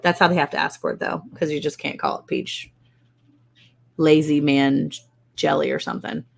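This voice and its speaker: A woman chats casually on a live stream from her home, wry and self-mocking. Her voice sits low with a gravelly fry, and she talks in loose, rambling asides. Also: fairly even intonation, normal speed. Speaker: host of a live ranch stream. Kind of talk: casual live-stream chat reading comments. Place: indoors at home.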